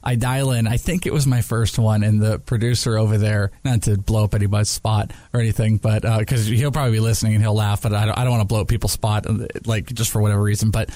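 A man's voice: quick pace, few pauses, no room sound. A man hosting a sports talk podcast, telling stories in casual banter, acting out quotes in a raised voice and laughing often. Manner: animated storyteller, acts out quotes in a high voice, laughs often. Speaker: podcast and radio host.

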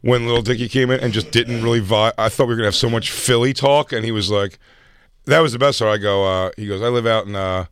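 A man's voice: mid-range voice, quick pace, clear, resonant tone, dry recording. A man from the Philadelphia area co-hosting a casual comedy podcast, telling stories in a blunt, self-mocking way. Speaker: co-host.

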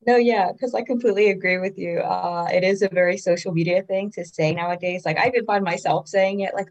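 A young adult woman joining a sports talk show, chatting quickly and agreeably. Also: mid-range voice, fairly even intonation, poor audio.

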